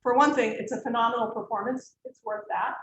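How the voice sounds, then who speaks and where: A middle-aged woman gives a lecture on counseling, explaining directly and illustrating points with examples. Her voice sits fairly high. The sound is roomy, with a faint hiss underneath. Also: a little fast, fairly bright tone. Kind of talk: lecture to students. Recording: echoey room, faint background hiss.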